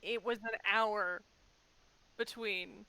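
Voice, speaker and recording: A woman player in a tabletop game, with quick, playful asides about her character. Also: mid-range voice, steady tone, sharp tone, rough recording. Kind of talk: casual tabletop play.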